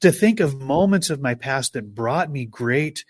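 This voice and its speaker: A man's voice: medium pitch, animated, a little slow. Thoughtful man affirming his co-host. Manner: thoughtful, affirming, builds on his partner's points. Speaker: podcast co-host. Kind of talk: motivational podcast talk.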